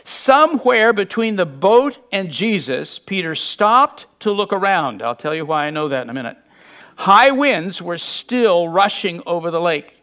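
A man with a fairly high voice preaches a sermon. He talks to the congregation in a conversational way and acts out the voices of the people in the story with lively bursts. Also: unhurried. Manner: conversational and animated, acting out quotes.

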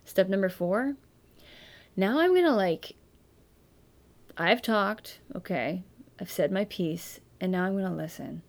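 Woman co-host, gravelly edge, earnest, explains prayer step by step. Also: medium pitch, lively intonation, a little slow, pauses often. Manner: earnest, walks through prayer steps. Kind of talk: casual faith conversation.

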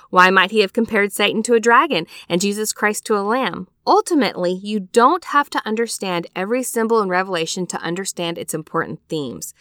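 Bright-voiced chatty woman teaching scripture. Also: medium pitch, dry recording, clean studio sound. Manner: chatty, conversational, checks in with rhetorical questions. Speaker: podcast host teaching scripture. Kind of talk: casual scripture study lesson.

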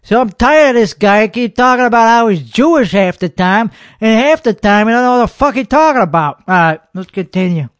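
A belligerent, foul-mouthed comedian rants and rambles, played by a man. His voice sits high for a man, recorded close and dry with no room sound. He jabs and boasts in a rough, combative comedic podcast style. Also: lively intonation, fairly quick, hardly any pauses, dry recording. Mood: mocking. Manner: profane ranting, rambling and belligerent. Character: hot-headed, foul-mouthed, boastful male comedian host. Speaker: podcast host. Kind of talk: comedic character monologue.

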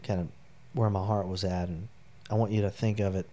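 In a long interview, this middle-aged former serviceman recounts his life in a rambling, sincere manner packed with fillers. His dark voice sits low, level in tone, at a brisk pace.

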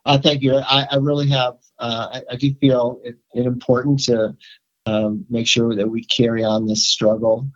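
An older man, a rabbi, talking in a casual interview with many pauses, fillers and restarts. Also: medium pitch, level tone, dull audio. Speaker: rabbi, podcast guest.

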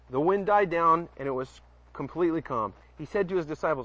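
A man's voice: a little high, expressive, fairly quick, a bit bright, no echo. A man preaching casually, reading Bible passages aloud, often stumbling over words and adding chatty asides to his listeners. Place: outdoors at night near a porch. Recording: dull lo-fi recording.

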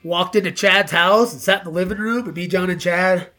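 High, bright-voiced man telling stories. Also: fairly quick. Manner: profane, animated, acts out quoted dialogue. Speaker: guest musician. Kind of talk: casual storytelling interview.

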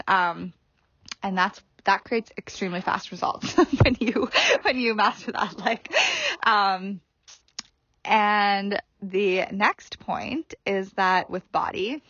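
A woman hosts her own podcast and talks to listeners in a loose, chatty way, with lots of "um" and "like" and frequent laughter. Her voice sits at an ordinary pitch. The recording is dry and slightly muffled. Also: a bit bright, no room sound. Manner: chatty, filler-heavy, laughs often. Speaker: podcast host. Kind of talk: casual solo podcast monologue.

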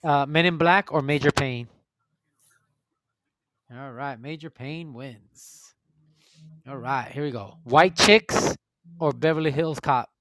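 A man's voice: medium pitch, slow pace, pauses often, a bit bright, no echo. A man hosting a casual online voice chat, calling out movie matchups and tallying everyone's votes in an upbeat way. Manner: calls out options and tallies votes, upbeat. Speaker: host running a movie vote.

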